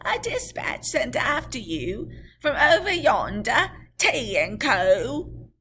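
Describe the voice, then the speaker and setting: Woman doing a hoarse messenger shouting from afar. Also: fairly high pitch, sing-song, slow, a little hiss or hum, voice pushed up, full character voice. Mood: urgent. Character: hoarse male messenger calling from the mist.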